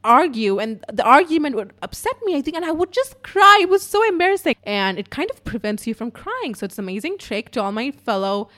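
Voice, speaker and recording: A woman hosting a podcast, telling a story in a casual, profane, chatty way with lots of fillers, going from loud to hushed. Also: high-pitched, fairly quick, few pauses. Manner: animated, swinging between loud and hushed. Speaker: podcast host.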